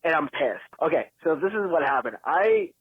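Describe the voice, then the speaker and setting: A man's voice: a little high, sing-song, moderate pace, breathy edge, no room sound. A man leaving a rambling, frustrated voicemail rant as a caller. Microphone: phone. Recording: phone line voicemail.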